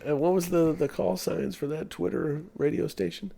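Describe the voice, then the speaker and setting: A man's voice: fairly high pitch, fairly even intonation, moderate pace, creaky, mellow. A man co-hosting a podcast in casual chat, joking and self-deprecating, often stumbling and repeating words. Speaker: podcast co-host.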